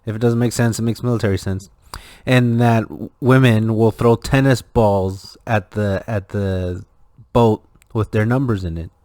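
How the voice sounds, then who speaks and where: Low-voiced, rambling Texan man. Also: fairly even intonation, measured pace, dark tone, dry recording, studio quality. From Rio Grande Valley, Texas. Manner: rambling, hesitant, many fillers. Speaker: podcast co-host, navy veteran. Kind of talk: casual storytelling chat.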